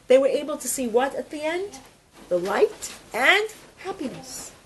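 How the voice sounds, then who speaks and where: Animated woman teaching with stories. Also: high voice. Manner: animated, asks questions. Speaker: religious teacher. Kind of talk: storytelling lesson to a group. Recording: noisy room recording.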